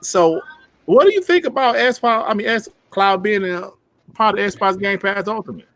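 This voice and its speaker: A male live-stream host who talks loose and slangy, shouting out viewers in the chat. His voice sits a bit high, and the sound is dry and close. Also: measured pace, dry recording. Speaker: podcast host reading chat.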